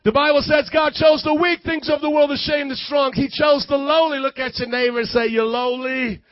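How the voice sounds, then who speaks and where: High-voiced man preaching a shouted sermon. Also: fairly even intonation, moderate pace, dry recording, lo-fi sound. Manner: shouting, preaching with call-and-response. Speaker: youth pastor.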